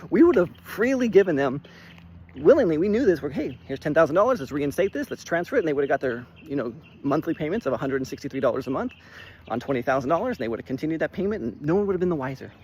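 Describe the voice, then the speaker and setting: A man, a real estate investor, telling a story in a casual vlog, animated and swearing freely. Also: a little high, very fast, slightly rough. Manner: animated, swears when worked up, lots of "like".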